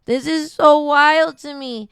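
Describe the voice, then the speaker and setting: A woman's voice: high voice, steady tone, slow pace, a bit bright, no echo. A woman streaming a charity event, chatting casually with her audience, rambling and emotional, close to tears. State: near tears. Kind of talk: casual chat.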